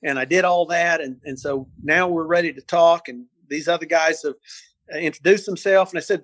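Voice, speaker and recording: Animated older man telling stories. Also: fairly high pitch, brisk, slightly rough, no room sound. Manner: animated, repeats words, acts out voices. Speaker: interview guest. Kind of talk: storytelling interview.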